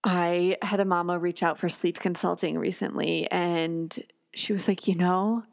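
A woman's voice: fairly low pitch, level tone, unhurried, gravelly, no echo, clean studio sound. A woman hosting a podcast, telling personal stories in a loose, chatty way with lots of fillers and self-corrections. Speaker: podcast host. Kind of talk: casual storytelling.

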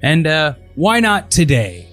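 A man co-hosts a casual movie podcast, delivering his remarks with dry, wry humor. His voice sits slightly high, and faint music plays softly behind him. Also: very animated, takes it slowly. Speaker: podcast co-host.

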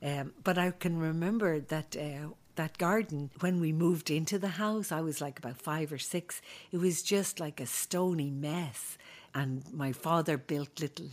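A woman with an Irish accent and a low voice tells stories from her childhood. She speaks casually and with animation, breaking into laughter and quick asides. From Ireland. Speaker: podcast host. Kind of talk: casual storytelling.

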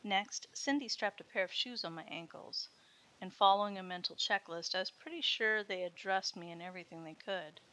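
A woman reading a first-person story aloud as its narrator, in a steady storytelling manner. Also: medium pitch, normal speed. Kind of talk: scripted erotic story narration.

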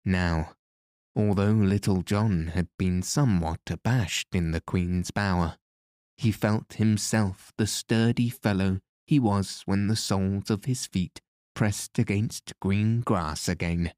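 A man narrating a classic tale as an audiobook, in a steady, measured reading of archaic prose. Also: low voice, no room sound, clean studio sound.

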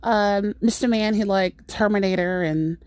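A middle-aged woman hosting a podcast, telling a story in a rambling, exasperated, animated way. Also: mid-range voice, unhurried, smooth, no room sound, studio quality. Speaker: podcast host. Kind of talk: casual storytelling monologue.

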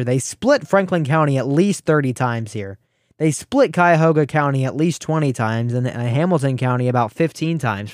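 Brash teenage radio host, dry booth. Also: male voice, mid-range voice, darkish tone, dry recording. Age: teens. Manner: brash, mocking, quick asides. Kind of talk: casual political talk radio.

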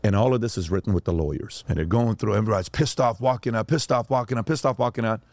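A man's voice: lowish voice, fast, a little mellow, no echo. A man, a father, telling stories as a podcast guest and acting out the voices of the people in them. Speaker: father of young sons. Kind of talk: animated storytelling.

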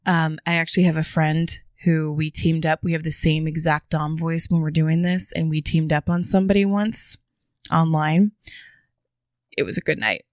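A woman co-hosting a podcast in casual chat, playful and often laughing, sometimes dropping into a low sultry voice. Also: flat delivery, moderate pace, dry recording, clean studio sound. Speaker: podcast co-host.

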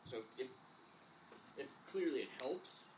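A man's voice: mid-range voice, expressive, a little slow, darkish tone, low-quality recording. Laid-back young man, casual chat. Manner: laid-back storyteller, swears, laughs a lot.

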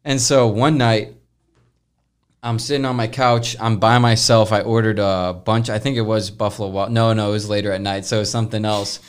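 A young man hosting a podcast, casually telling a long story, rambling and animated, with frequent swearing. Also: fairly low pitch, normal speed, clear, resonant tone. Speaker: podcast host.

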